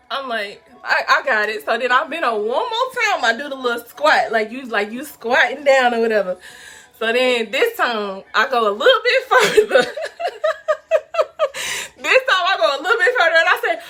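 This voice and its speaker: A young woman telling a story to her viewers in a casual, animated, profane way, laughing often. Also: high voice, moderate pace. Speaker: vlog host telling a story.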